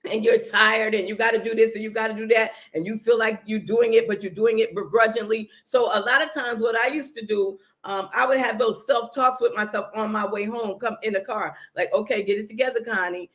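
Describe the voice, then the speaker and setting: A woman's voice: a little high, steady tone, fairly quick, few pauses, fairly bright tone. A middle-aged woman giving marriage advice on a podcast in an earnest, coaching way, often checking in with "right?". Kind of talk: casual preaching talk.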